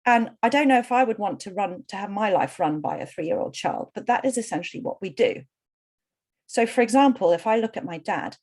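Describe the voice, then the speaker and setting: A woman's voice: on the low side, darkish tone. A middle-aged woman coach leading an online workshop. She explains earnestly and often talks in repeated lists.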